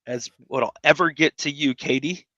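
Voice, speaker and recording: A man's voice: on the high side, normal speed, bright, forceful tone, no room sound. A man hosting a casual interview, telling stories in a loose way with many restarts and chuckles. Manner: rambling storyteller with frequent restarts and laughs. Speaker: podcast host. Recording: dull, dry lo-fi sound.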